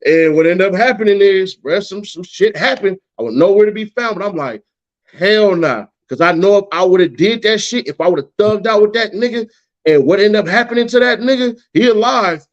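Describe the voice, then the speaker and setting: A man telling a story in casual chat as a guest, cursing often and acting out what people said. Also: fairly quick. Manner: profane, animated, acts out quotes in a higher voice. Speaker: guest, YouTuber. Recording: dull lo-fi sound.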